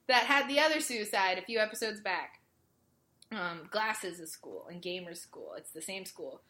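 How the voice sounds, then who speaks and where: Bright, exasperated woman recapping a show. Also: medium pitch, expressive, a little slow. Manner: exasperated, filler-heavy storytelling. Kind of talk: casual chat recapping a show.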